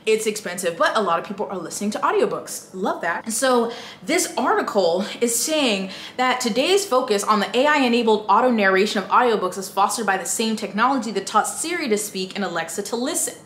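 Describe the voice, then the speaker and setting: A woman's voice: medium pitch, expressive, a little fast, a bit bright. A woman book vlogger giving casual, emphatic commentary straight to her viewers while reading an article aloud. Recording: echoey room with faint noise.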